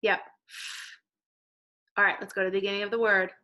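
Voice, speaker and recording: A woman teacher giving a recorded reading lesson to young children, slowly sounding out letters and words. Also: medium pitch, little pitch movement, pushed and bright, dull audio. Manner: slow, clear modelling of letter sounds.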